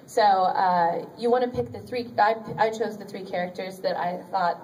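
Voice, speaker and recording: A woman voice actor talks casually on a convention panel, upbeat and full of ums and quick laughs. Her voice sits in a middle register. It is picked up from across the room by a distant audience recording, with a faint hiss underneath. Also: mid-range voice, darkish tone. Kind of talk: convention panel talk giving career advice.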